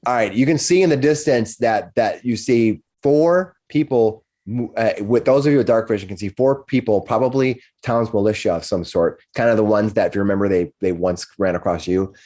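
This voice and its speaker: A man's voice: fairly low pitch, dark tone. A man narrating as dungeon master for a tabletop game, stopping and restarting often and laughing now and then. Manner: halting, restarts often, laughs between lines.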